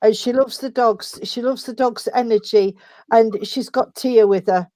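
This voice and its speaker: A woman's voice: on the high side, fairly even intonation, a little slow, dark tone, dry recording. Woman, spiritualist medium, affectionate and chatty, dry close sound. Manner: affectionate, chatty, calls people sweetheart. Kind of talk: giving spirit messages at a service.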